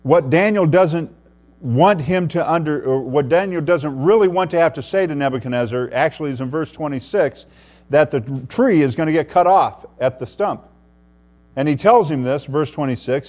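A man preaching an expository sermon, reading scripture and explaining it, who often drops to a hushed voice for emphasis. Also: fairly high pitch, lively intonation, moderate pace. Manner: preaching with wide swings in loudness, dropping to a hushed voice for emphasis. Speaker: pastor.

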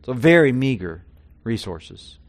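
A man preaching a sermon, his voice swelling loud and high on key points and dropping low and quiet on others. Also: big pitch swings, unhurried. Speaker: pastor.

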